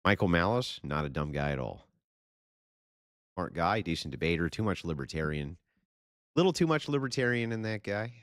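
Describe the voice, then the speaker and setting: A man's voice: sits low, big pitch swings, normal speed, long pauses, a bit bright, dry recording, clean studio sound. A man answering chat questions on a casual livestream, ranting bluntly and with a lot of profanity.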